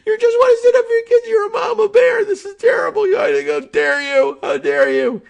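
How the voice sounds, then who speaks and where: A man's voice: extremely high pitch, sing-song, moderate pace, gravelly, voice pushed up, exaggerated voice. A man mockingly putting on an indignant male partisan pundit, with exaggerated, sarcastic outrage. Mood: outraged.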